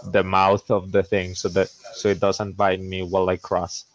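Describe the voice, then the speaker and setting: A man playing a tabletop game as one of the players, laid-back and quick to laugh. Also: low-pitched, monotone, dry recording, rough recording.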